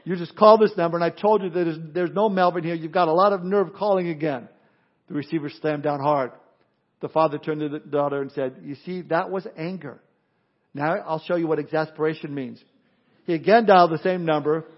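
A man with a somewhat high voice preaches a sermon, mixing earnest warnings with humorous stories. The recording is dull and lo-fi, with muted highs. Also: brisk. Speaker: pastor.

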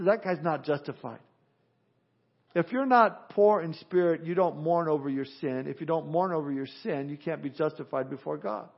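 A man giving a conversational sermon, plain-spoken and emphatic, acting out people now and then to make a point. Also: sits high. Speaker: preacher teaching through a book of the Bible. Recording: dull lo-fi recording.

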